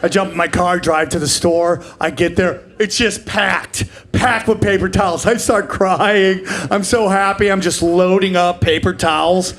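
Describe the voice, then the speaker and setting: A man's voice: high-pitched, fairly even intonation, fairly bright tone. A man in his forties performing a profane, brash stand-up set live on stage, slipping into character voices. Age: 40s. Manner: brash, profane, acts out characters in quick bursts. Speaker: stand-up comedian. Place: live comedy club stage. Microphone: handheld stage mic.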